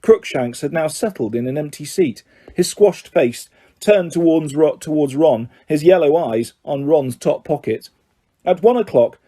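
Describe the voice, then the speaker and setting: A man reading an audiobook aloud in a steady, measured storytelling manner. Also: mid-range voice. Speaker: audiobook reader. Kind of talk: audiobook narration.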